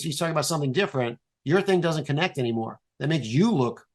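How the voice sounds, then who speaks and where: A man guest on a podcast, explaining an improv exercise in a playful, animated way and swearing casually. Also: on the high side, fast talker.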